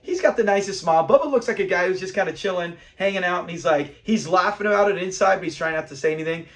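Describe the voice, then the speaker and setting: A man's voice: sits high, fast, fairly bright tone. A man hosting a casual episode review, animatedly retelling scenes and acting out characters' lines. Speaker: host of a sitcom review channel.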